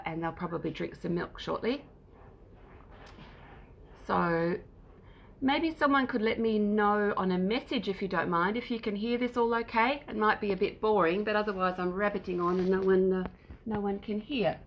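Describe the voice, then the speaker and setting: Chatty Australian woman, gravelly edge. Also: mid-range voice, normal speed, dull audio, a little hiss or hum. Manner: chatty, rambling, fond baby talk to the kittens. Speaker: cat rescuer hosting a livestream. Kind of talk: casual livestream chat. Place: home with kittens, indoors.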